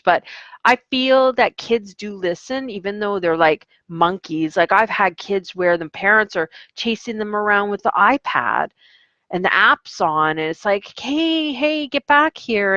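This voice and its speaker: Young adult woman, casual vlog chat, animated storyteller, dull dry sound. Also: mid-range voice, measured pace, no echo. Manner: chatty, animated, acts out students in quotes. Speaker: online ESL teacher.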